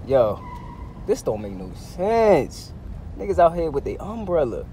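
A man's voice: high-pitched, sing-song, measured pace, pauses often, dark tone, a little hiss or hum. A man vlogging from his car, complaining in a profane, dramatic, exasperated way. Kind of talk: casual vlog. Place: in a car, outdoors traffic.

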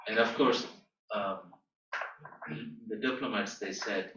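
A man teaching through a personal story, animated, with emphatic rises and soft drops. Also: lowish voice, slow. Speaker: guest teacher. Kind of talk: storytelling lecture. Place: teaching room at a training school. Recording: echoey room, far from mic, dull sound.

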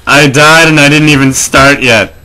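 A man giving gameplay commentary as a let's play host, jumpy and excitable, swearing, laughing and yelping. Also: fairly high pitch, normal speed, clear, resonant tone.

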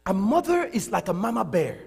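A middle-aged male pastor preaches in an animated way, laughing and repeating himself for emphasis. His voice is high for a man, slightly husky, and swings up and down a lot. His words are slow and drawn out and carry the long reverb of a large hall. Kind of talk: sermon.

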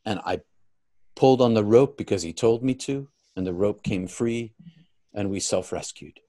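A guest, male, relates a story from his life at a moderate pace and with real earnestness. Loudness builds at the big moments before he drops to a softer tone at the close.

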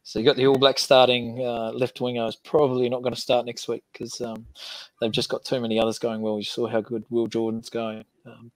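A man, a rugby coach guest on a video call, answering questions with many pauses and fillers. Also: mid-range voice, poor audio. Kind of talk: interview answers.

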